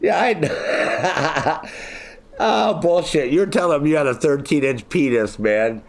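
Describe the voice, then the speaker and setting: A man with a slightly high voice talks slowly as he streams a game, chatting casually with his viewers. He swears freely, jokes around, and laughs often.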